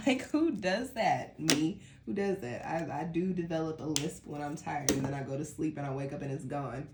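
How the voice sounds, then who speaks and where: Low-pitched tired woman with a Colorado accent, casual tarot reader, slight lisp, faint background noise. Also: normal speed. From Denver, Colorado. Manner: rambling, chatty, laughs often. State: sleepy. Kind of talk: casual monthly tarot reading.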